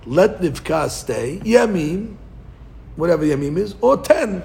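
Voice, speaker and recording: A man's voice: sits high, sing-song, a little slow, gravelly, warm tone. A man teaching a Talmud class, thinking aloud and restarting often, with Hebrew and Aramaic terms mixed into his English.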